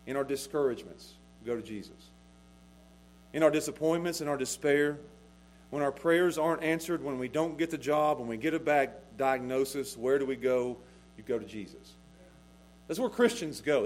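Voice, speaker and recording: A middle-aged man preaching a sermon as pastor, swinging between hushed lines and loud, emphatic ones. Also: fairly high pitch.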